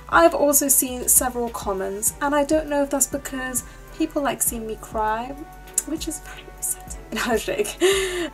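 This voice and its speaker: A woman's voice: a little high, rough recording. A woman, hosting a movie reaction in a chatty, emotional way, often near tears. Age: 20s. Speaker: YouTube reaction host. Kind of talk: casual chat and movie reaction.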